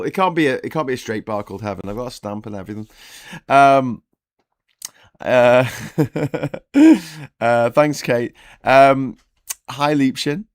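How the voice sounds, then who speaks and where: Man, hungover, live stream host, casual morning chat, rambling, frequent restarts, mid pitch. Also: dry recording, studio quality.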